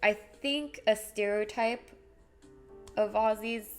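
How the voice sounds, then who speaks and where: A woman's voice: medium pitch, steady tone, takes it slowly, faint music behind. A young woman chatting casually on a live stream while crafting, rambling and reading out viewer messages. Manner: chatty, rambling, reads chat aloud.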